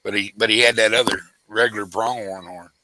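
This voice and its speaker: A man spins a rambling hunting tale, stumbling over restarts as he goes. His voice is bright and forward, recorded dry and close. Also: lowish voice, fairly even intonation, brisk, no echo, poor audio. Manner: rambling storyteller with frequent restarts, acts out quoted voices. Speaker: host. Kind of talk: casual hunting story chat.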